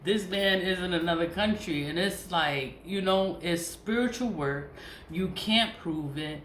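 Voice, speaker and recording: An American woman vlogger with a lowish, fairly bright voice vents in an unhurried, casual monologue, recorded in an echoey room with faint noise. She's profane and exasperated, laughing often between her complaints.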